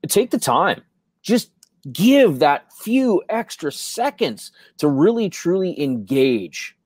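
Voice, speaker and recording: Man, co-host, motivational chat, emphatic, rhetorical questions, lively pitch. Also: takes it slowly, no room sound. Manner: emphatic, asks rhetorical questions with repeated "right?". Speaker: podcast co-host.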